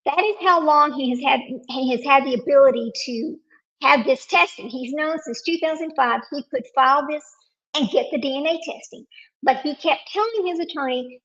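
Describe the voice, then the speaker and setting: A woman's voice: sits high, moderate pace, a bit bright, highs cut off. A woman hosting a casual live stream, talking to viewers while searching her computer and getting frustrated.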